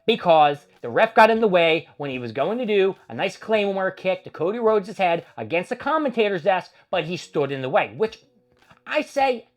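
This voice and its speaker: A man's voice: sits high, big pitch swings, normal speed. A man hosting a casual wrestling recap, rambling and opinionated with plenty of swearing. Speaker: host.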